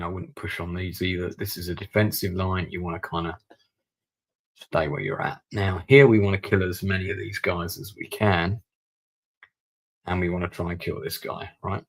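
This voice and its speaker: Male streamer, deep husky voice with fry, mutters his moves while he plays. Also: fairly even intonation, normal speed. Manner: thinking aloud, muttering over his moves. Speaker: streamer playing a strategy war game. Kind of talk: live-stream gameplay commentary.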